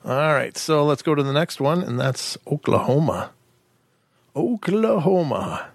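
A man's voice: medium pitch, normal speed, gravelly, no echo, clean studio sound. A man hosting a podcast in a casual, rambling way, full of joking asides, small chuckles and fillers. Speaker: podcast host. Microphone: microphone.

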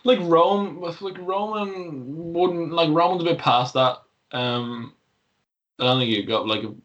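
A man rambles through wrestling talk as a podcast co-host, trailing off and restarting constantly. His voice is bright and forward. The audio is dull and lo-fi, like a call recording. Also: on the high side, takes it slowly. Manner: rambling, filler-heavy, laughs easily. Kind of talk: casual wrestling chat.

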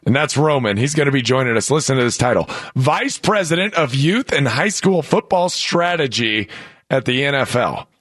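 A man's voice: mid-range voice, normal speed, no echo, studio quality. A man hosting a sports talk radio show, joking and telling stories in casual banter. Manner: joking, animated storyteller.

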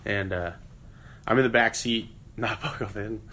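A man in his thirties talks in a fairly low, easy voice. He is a comedian guest on a casual podcast, and he rambles through profane stories with plenty of fillers. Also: fairly even intonation, measured pace, sharp tone, a little hiss or hum. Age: 30s.

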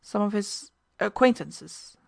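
A woman's voice: medium pitch, lively intonation, slow pace, creaky, darkish tone, exaggerated voice. A woman reading as a quavering, frightened evasive woman. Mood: defensive. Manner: quavering, defensive, dogged. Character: frightened, evasive lodging-house woman, stubborn.

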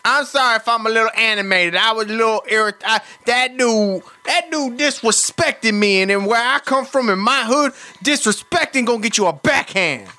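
A man voicing a hot-tempered, profane, streetwise caller on a prank phone call, loud and animated, swinging from rage to sweet talk. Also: very high voice, normal speed, hardly any pauses, faint music behind, exaggerated voice. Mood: ranting.

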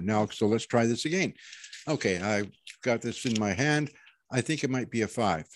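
A man's voice: mid-range voice, normal speed, no room sound. A man in casual conversation, earnest and meandering, restarting his thoughts often as he explains how he reads people. His voice sits in the middle of the male range and is recorded dry and close. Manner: rambling, many restarts, earnest. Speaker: intuitive reader. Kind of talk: casual panel chat, giving a reading.

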